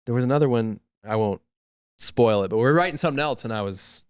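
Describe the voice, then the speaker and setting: A podcast co-host with a clear, resonant, mid-range voice talks at a quick pace during casual chat. He tells stories and voices the people in them with plenty of acted-out quotes. There's no echo on the recording.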